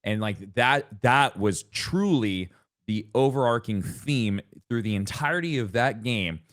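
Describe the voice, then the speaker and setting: A man co-hosting a casual gaming podcast, talking in long rambling stretches with frequent restarts and bursts of excitement. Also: mid-range voice, a little slow. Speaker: podcast co-host.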